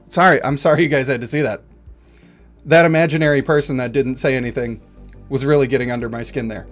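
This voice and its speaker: A game streamer commentating live, reading game text and going off on animated, rambling comic rants. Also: mid-range voice.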